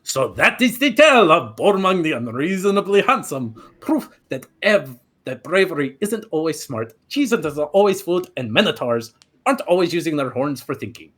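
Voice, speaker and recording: A man's voice: fairly high pitch, very animated, normal speed, a bit bright. A man doing a pompous, vain minotaur. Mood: grandiose. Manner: grandiose storyteller, theatrical. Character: pompous vain male minotaur, severed head. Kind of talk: comic tabletop role-play.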